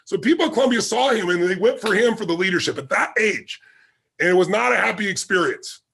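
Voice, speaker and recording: A man's voice: high voice, expressive, fast, creaky, fairly bright tone, slight background noise. A man being interviewed as a guest, telling a story vividly and acting out the quoted dialogue. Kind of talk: animated anecdotal storytelling.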